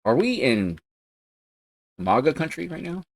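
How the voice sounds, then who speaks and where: A man giving casual live-stream commentary while playing a racing game, chatty and excitable, breaking into loud yelps and curses at crashes, talking from a home gaming setup. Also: on the high side, a little slow, low-quality recording.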